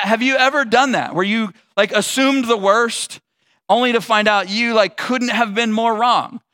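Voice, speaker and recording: A male pastor giving a conversational sermon, telling a personal story with animated asides. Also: high-pitched.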